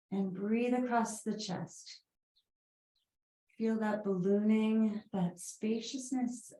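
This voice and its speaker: A woman's voice: medium pitch, dark tone, reverberant, poor audio. A woman with a Boston accent teaching a guided yoga class, chatty, with rambling asides and fillers.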